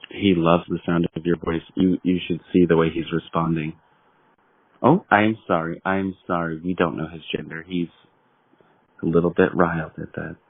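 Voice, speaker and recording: A man making a prank phone call, talking slowly in a mystical, deadpan way that breaks into angry swearing. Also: low voice, creaky, breathy edge, no room sound. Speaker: prank caller. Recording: tinny phone line.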